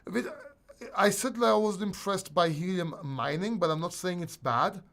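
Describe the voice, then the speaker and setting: A man's voice: sits high, normal speed, fairly bright tone. A man hosting a casual crypto livestream, reading and answering chat questions in a blunt, rambling way with restarts and swearing.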